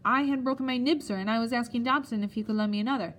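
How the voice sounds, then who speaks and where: A woman's voice: fairly high pitch, very fast, slight background noise, voice pushed up, close to an everyday voice. A woman voicing a timid, frightened schoolboy who pleads politely with his headmaster. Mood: pleading.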